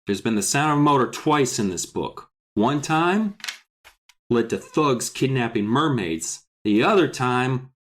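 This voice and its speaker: Animated, sarcastic male storyteller. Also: mid-range voice, a little slow. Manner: animated, sarcastic retelling full of "like". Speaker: podcast co-host. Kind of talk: comedic book recap.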